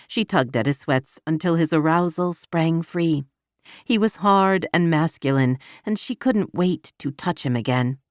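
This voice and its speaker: A woman narrating a romance audiobook in an even, intimate storytelling manner, recorded close to the mic. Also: sits low, measured pace, no room sound.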